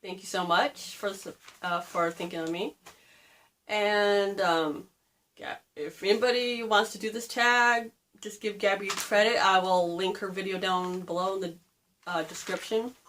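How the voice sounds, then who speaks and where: A woman's voice: mid-range voice, fairly even intonation, measured pace, a bit bright, a little hiss or hum. Rambling, chatty woman in her thirties. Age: 30s. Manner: rambling, chatty, digresses and laughs at herself. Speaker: book vlogger. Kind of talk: casual chat.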